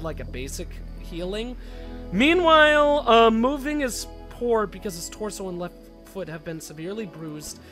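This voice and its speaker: A man casually commentating his gameplay, excitable and quick to shout orders at his characters. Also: high voice. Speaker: game let's-play host.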